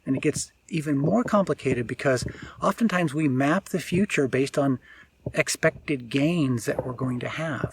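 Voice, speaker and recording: Searching for words, a male spiritual teacher pauses and restarts often in his unscripted, reflective talk. His pitch is medium, with slight background noise behind him.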